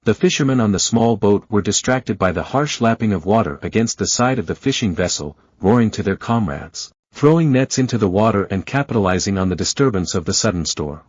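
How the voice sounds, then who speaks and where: A man narrating a fan fiction story in a steady storytelling manner. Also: lowish voice, a little fast, few pauses, no room sound. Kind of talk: reading fan fiction aloud. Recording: dull lo-fi, dry close sound.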